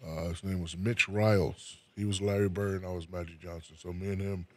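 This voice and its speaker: Deep-voiced dude from jersey chatting easy, stumbles and repeats at the start of lines. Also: male voice, brisk. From New Jersey. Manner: relaxed, repeats his words when starting. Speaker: guest. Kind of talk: casual interview chat.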